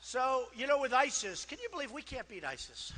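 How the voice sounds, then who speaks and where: A man's voice: very high-pitched, big pitch swings, brisk, pushed and bright, a little hiss or hum. A man giving a campaign rally speech in a boastful, repetitive, conversational way, with many asides. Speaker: political candidate. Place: large rally hall. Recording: long hall reverb from PA.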